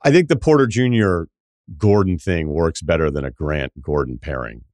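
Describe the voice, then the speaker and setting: A man guesting on a sports podcast, animated and quick to laugh at his own ideas. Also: very deep voice, dry recording, clean studio sound. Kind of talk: casual sports chat.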